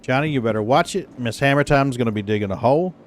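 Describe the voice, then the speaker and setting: A man with a medium-pitched, lively voice talks fast on a casual live game stream, swearing freely and laughing as he chats with viewers. He's still recovering from the flu and coughs when he laughs. The recording is very noisy.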